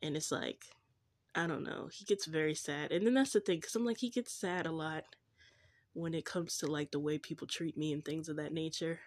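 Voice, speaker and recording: A woman's voice: low-pitched, a little fast. A young woman vlogging in a casual, confessional way, gushing and giggly, with a slangy manner. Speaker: faith vlogger.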